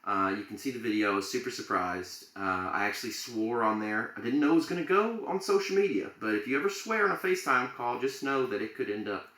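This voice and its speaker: A man's voice: mid-range voice, animated, quick pace, hardly any pauses, bright, forceful tone, roomy sound, poor audio. A man co-hosting a podcast, telling a story in a rambling, jokey way with plenty of fillers. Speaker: podcast co-host. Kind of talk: casual chat.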